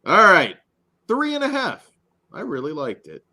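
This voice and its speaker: Male podcast co-host, hoarse, lively pitch, trails off into mutters. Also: moderate pace. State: voice going hoarse. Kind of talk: casual banter.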